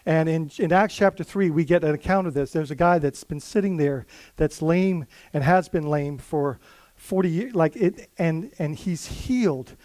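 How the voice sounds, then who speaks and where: A man's voice: on the high side, moderate pace, a little mellow, no room sound. A male pastor giving an earnest, conversational sermon, full of fillers and restarts.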